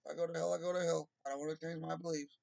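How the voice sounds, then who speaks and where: A man's voice: a little high, level tone, rapid-fire, gravelly, darkish tone, no room sound. A man talking in a casual, rambling monologue, drawling and swearing freely. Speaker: vlogger.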